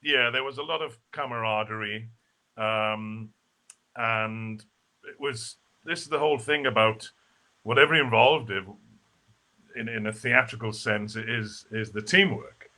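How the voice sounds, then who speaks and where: Chatty man with a bright voice. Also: on the low side, measured pace. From Wales. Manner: chatty and rambling, many fillers and restarts. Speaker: interview guest, stage actor. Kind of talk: casual live video interview.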